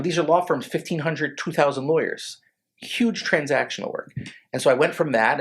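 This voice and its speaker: A man in his forties, a lawyer, recounts his past in a loose conversational way. His voice is gravelly and somewhat husky, and he stumbles and restarts often, moved by his memories. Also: mid-range voice. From Connecticut, USA. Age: 40s. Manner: halting, many restarts, emotional, choked up. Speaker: lawyer, podcast guest. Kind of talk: casual storytelling interview.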